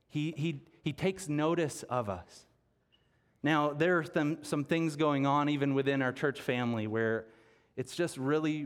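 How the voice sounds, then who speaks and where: A man preaching a sermon as pastor, speaking earnestly with restarts and repeated words. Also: medium pitch. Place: church sanctuary.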